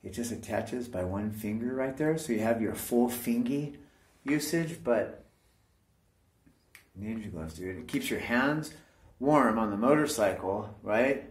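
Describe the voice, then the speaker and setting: A man's voice: mid-range voice, animated, a little slow. A man talking casually to his viewers in a rambling monologue, swearing often and calling everyone "dude". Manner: rambling, profane, keeps saying "dude". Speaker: vlogger.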